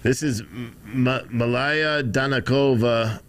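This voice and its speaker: A man's voice: mid-range voice, slow pace, a bit bright. Chatty American man live-streaming. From United States. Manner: loose, chatty, talks to his chat. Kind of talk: casual live commentary.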